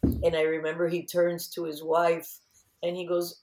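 A woman's voice: fairly low pitch, moderate pace, reverberant. A woman guest in an interview, chatting casually and acting out quotes as she tells stories. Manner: animated storyteller, acts out quotes.

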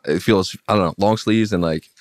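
Male podcast guest, deep voice, relaxed and unhurried, hesitant delivery; dry close sound. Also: no room sound. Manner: laid-back, hesitant, many fillers. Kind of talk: casual chat.

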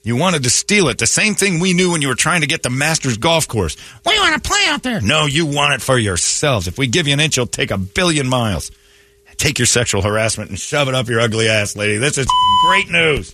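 A male morning-radio host with a bright, forward voice who swings his pitch all over as he rants. His delivery is mocking and crude, built for comic effect. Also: a little fast. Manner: mocking, animated ranting.

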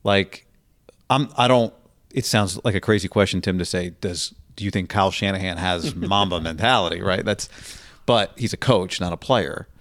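A man in a casual sports talk conversation, asking questions in a halting way with restarts. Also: deep voice, fairly bright tone, no room sound, studio quality. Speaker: podcast guest and co-host.

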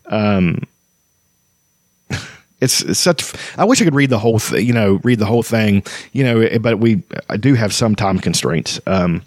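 A man reading a fantasy novel aloud in a relaxed way, stumbling now and then and breaking off for chatty asides. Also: lowish voice, moderate pace, no echo, clean studio sound. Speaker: reader.

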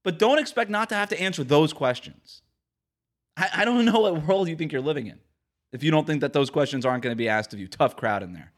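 A man's voice: on the high side, lively intonation, quick pace. Emphatic ranting sports podcast host man. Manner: emphatic, ranting, mocks quotes with put-on voices. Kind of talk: opinionated sports podcast monologue.

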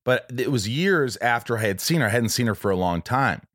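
A man in casual conversation, telling a personal story in a rambling way with many restarts and lively retold quotes. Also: medium pitch, a little fast, no echo, studio quality.

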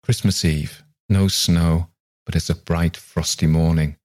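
A man reading a ghost story aloud in a calm, measured way. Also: deep voice. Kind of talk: scripted narration of a ghost story.

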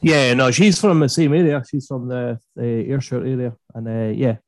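A man's voice: medium pitch, fairly even intonation, moderate pace, a little hiss or hum. A man with an East Coast Scottish accent, a guest comedian chatting casually on a podcast and joking at his own expense. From Scotland, East Coast.

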